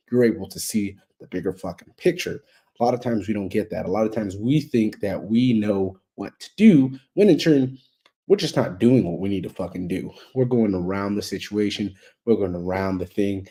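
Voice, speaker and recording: A man's voice: lowish voice, warm tone, breathy edge. A man delivering a blunt, heavily profane motivational monologue, hammering his points with repetitive emphatic build-ups. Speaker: motivational speaker.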